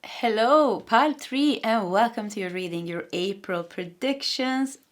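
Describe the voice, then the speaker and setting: A young adult woman with a Swedish accent giving a pick-a-card tarot reading, talking fast and energetically and often repeating her phrases. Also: on the high side. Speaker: tarot reader.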